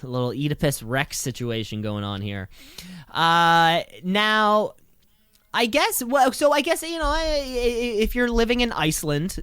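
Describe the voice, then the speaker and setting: Smooth-voiced joking male podcast host. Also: on the high side, a bit bright, no room sound, clean studio sound. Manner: crude, joking, rambling with restarts. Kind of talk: casual comedic chat.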